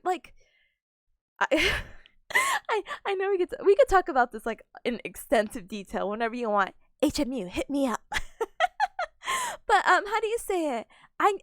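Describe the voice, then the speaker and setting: Young woman streamer, giggly and chatty, very high bouncy voice. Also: no room sound, studio quality. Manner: bubbly, giggly, greets chat warmly. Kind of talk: casual stream chat.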